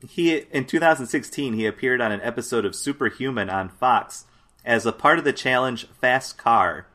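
A man's voice: medium pitch, normal speed, pushed and bright. A man co-hosting a casual chat, reading out lists of facts in a dry way with fillers. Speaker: podcast co-host.

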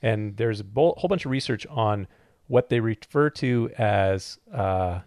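A man co-hosting a casual podcast, playful and quick to joke. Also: on the low side, animated, a little mellow, dry recording, clean studio sound. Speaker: podcast co-host.

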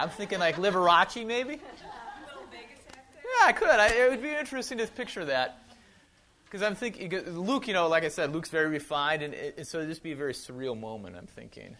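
A man's voice: a little high, sharp tone. A man with a Wisconsin accent giving a casual sermon, chatty with joking asides and frequent restarts. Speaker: pastor.

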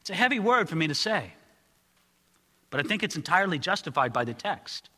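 An earnest male preacher with a high, very bright voice that soars into loud pleading passages. His words ring out with a long hall reverb behind them. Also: sing-song, fairly quick. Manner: earnest, rises high and loud when acting out pleas. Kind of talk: expository sermon.

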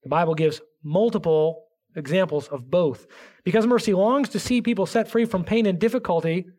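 A man's voice: high-pitched, normal speed. Earnest man preaching a sermon. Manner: earnest preaching, reading scripture aloud, swings from emphatic to hushed. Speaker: pastor.

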